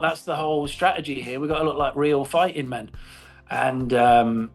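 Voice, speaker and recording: A man's voice: mid-range voice, moderate pace, faint music behind. A middle-aged man in a casual interview, telling stories with animation, swearing and laughing often. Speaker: actor guest.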